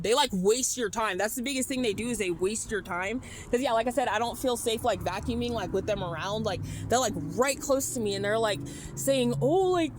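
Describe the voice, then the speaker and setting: A woman's voice: medium pitch, background noise. A woman from California, rambling anxiously and swearing into her phone outdoors at night. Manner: rambling, frightened, swears a lot. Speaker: vlogger. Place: outdoors at a car wash at night. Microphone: phone held while talking.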